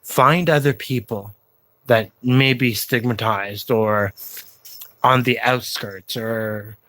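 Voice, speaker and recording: An earnest man addresses his video viewers at an unhurried, halting pace, pausing often and filling gaps with "um". His voice sits at an ordinary middle pitch. The sound is dry and close, with no room around it. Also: fairly bright tone, dry recording. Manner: slow, halting delivery with pauses and fillers; encouraging, plain-spoken. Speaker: YouTube vlogger. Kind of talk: slow earnest personal appeal to viewers.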